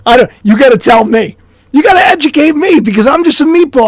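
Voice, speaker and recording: A man's voice: very high-pitched, expressive, fast talker, no room sound, clean studio sound. A man, a YouTuber and author, rambling through a casual speculative monologue at home with self-deprecating asides and chuckles.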